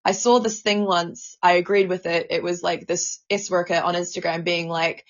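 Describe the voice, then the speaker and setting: A woman's voice: lowish voice, level tone, moderate pace, muffled recording. A woman co-hosting a casual podcast, talking with feeling, stammering and swearing a lot. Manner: emotional, stammering, swears often. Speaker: podcast co-host.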